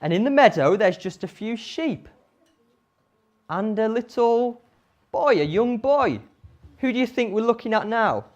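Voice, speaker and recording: A woman tells a Bible story to children with animated energy and frequent questions to her listeners. Her pitch moves widely and expressively. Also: a little slow, pauses often. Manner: animated, asks the audience questions.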